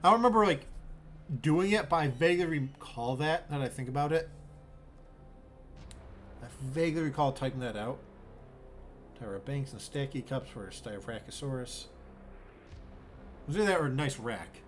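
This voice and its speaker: A man's voice: medium pitch, animated, normal speed, pauses often, a little hiss or hum. A man streaming a zoo-building game, musing aloud in a bemused, rambling way and swearing freely. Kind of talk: casual gameplay commentary.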